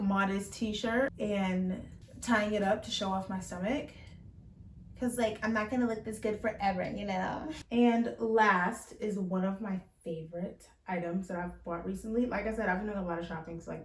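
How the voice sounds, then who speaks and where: A woman's voice: mid-range voice, fairly even intonation, moderate pace, slight background noise. A young woman chatting casually in a fashion try-on haul, bubbly and full of fillers, speaking from across the room. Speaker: fashion vlogger. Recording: roomy sound from far off.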